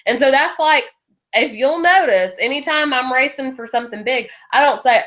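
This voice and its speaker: A woman's voice: high voice, lively intonation, moderate pace. A woman giving a motivational talk to her sales team, laughing often and acting out the voices she quotes. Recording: dull lo-fi recording.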